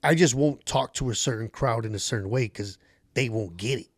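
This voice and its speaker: A man's voice: mid-range voice, brisk, dry recording, studio quality. A man, a comedian guest on a podcast, telling stories in casual chat, swearing a lot and acting out the voices of people in his anecdotes. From Los Angeles area.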